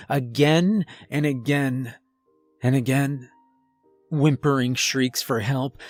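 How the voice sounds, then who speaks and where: A man reading a scripted first-person horror story in a slow, measured way. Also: mid-range voice, no echo. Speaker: narrator.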